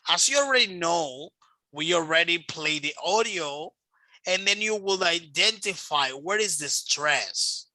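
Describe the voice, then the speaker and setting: Bright, patient man teaching online. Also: fairly high pitch, expressive, a little slow, dry recording. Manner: patient, repeats himself, models word stress. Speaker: English teacher. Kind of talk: online one-on-one English lesson. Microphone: video call.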